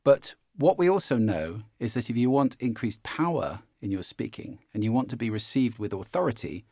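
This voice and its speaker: A man's voice: moderate pace, breathy edge, no room sound, studio quality. A man teaching a spoken lesson as a voice coach, often shifting his voice to demonstrate. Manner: demonstrates pitch shifts, animated.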